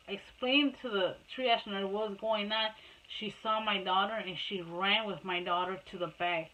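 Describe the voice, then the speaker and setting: A woman's voice: mid-range voice, fairly bright tone, rough recording. A woman talking casually about her past, rambling with many restarts and fillers, sometimes slipping into Spanish. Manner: switches between Spanish and English. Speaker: mother telling her life story. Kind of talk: casual personal storytelling.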